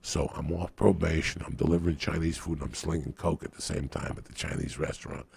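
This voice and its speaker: Gravelly deep-voiced man telling crude stories. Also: fairly even intonation, a little fast, darkish tone. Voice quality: gravelly raspy. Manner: profane, rambling, raucous. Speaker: podcast guest. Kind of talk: crude comic storytelling.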